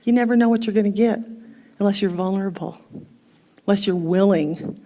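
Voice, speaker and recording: Animated woman giving a conversational sermon. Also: mid-range voice, brisk. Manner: conversational, animated, laughs at herself. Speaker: guest speaker at a spiritual center.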